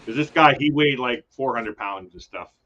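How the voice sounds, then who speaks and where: A man's voice: mid-range voice, moderate pace, sharp tone, lo-fi sound. An older man with a New York accent, chatting casually as a guest on a livestream and laughing often.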